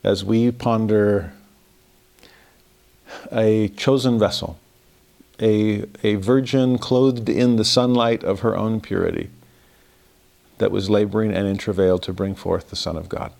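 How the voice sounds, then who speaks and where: A man's voice: lowish voice, fairly even intonation, unhurried, gravelly, long pauses, a little mellow. A man, giving a devotional Christmas lesson in an earnest, reflective way with some self-deprecating humor. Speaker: religious teacher.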